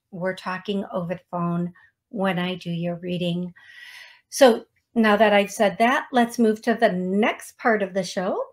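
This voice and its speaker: Talking to viewers on a live stream, a woman hosts a psychic medium talk show and reads out names. She speaks slowly and unhurriedly at a middling pitch, chatty and self-deprecating, laughing softly at herself.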